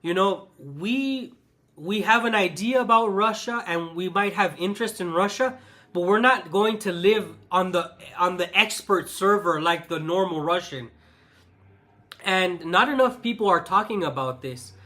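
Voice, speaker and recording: A man's voice: high voice, lively intonation, unhurried, sharp tone. A man hosting his own channel, talking in a passionate monologue that repeats itself and restarts often. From the West. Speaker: channel host. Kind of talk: ranting vlog monologue.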